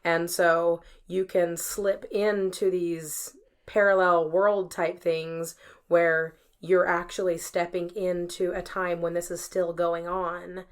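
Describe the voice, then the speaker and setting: A woman's voice: on the low side, little pitch movement, takes it slowly, smooth. A woman co-hosting a radio talk show, chatting casually and agreeing along with her co-host. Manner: agreeable, interjects, finishes co-host's sentences. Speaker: podcast co-host. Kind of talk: casual chat.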